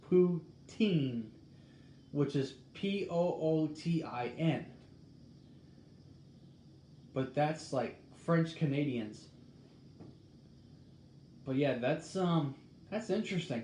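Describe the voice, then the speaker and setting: A man in casual talk, reading a recipe aloud and musing in a halting way as he thinks out loud. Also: fairly high pitch. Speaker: host. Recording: echoey room with faint background noise.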